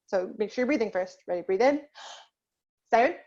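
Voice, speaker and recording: A woman's voice: mid-range voice, lively intonation, fairly quick, darkish tone, lo-fi sound. A woman voice teacher leading an online group lesson over a video call, patiently asking the class questions and waiting for answers.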